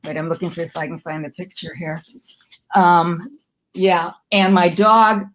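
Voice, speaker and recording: A woman's voice: on the low side, flat delivery, a little slow. An older woman from Milwaukee, a comedy writer telling wry, self-deprecating stories in an interview. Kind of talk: storytelling interview.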